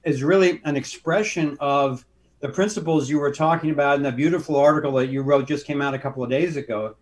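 A man who is a guest filmmaker, speaking in an earnest, measured, appreciative way in an interview. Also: fairly high pitch, a little hiss or hum. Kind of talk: conversational interview.

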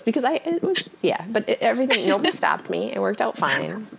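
A woman's voice: mid-range voice, big pitch swings, a little fast, vocal fry, hardly any pauses, breathy edge. A woman co-hosting a podcast in casual chat, telling stories and laughing often. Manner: chatty storyteller, laughs often. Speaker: podcast co-host.

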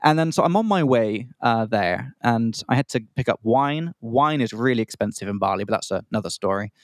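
Co-hosting an English-learning podcast, a young man from Australia rambles through a casual story, breaking off to unpack slang and act out the other characters. He speaks a little fast in an animated, medium-pitched voice, with no echo.

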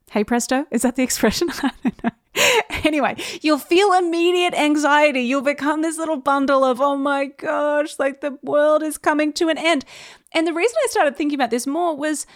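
Young woman, podcast host, casual story monologue, animated and chatty, dry voice. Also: on the high side, no room sound. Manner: chatty, animated, laughs often while telling stories.

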